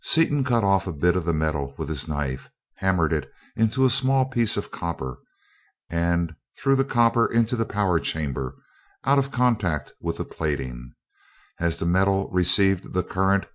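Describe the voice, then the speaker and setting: A male narrator reading a novel aloud as an audiobook. His voice is very deep and low, and he tells the story at a steady, even pace. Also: moderate pace. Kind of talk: scripted narration.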